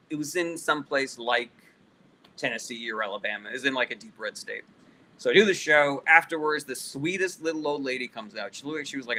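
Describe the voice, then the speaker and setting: A man's voice: mid-range voice, bright, forceful tone, slight background noise, rough recording. A male comedian casually answering live chat questions, loose and profane, reading each question aloud before he answers.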